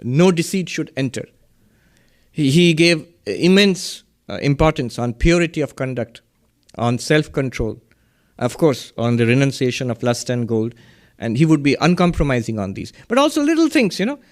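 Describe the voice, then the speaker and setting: A middle-aged man, a monk and spiritual teacher, giving an unhurried lecture with stories, small laughs and emphatic rises. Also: medium pitch, very animated.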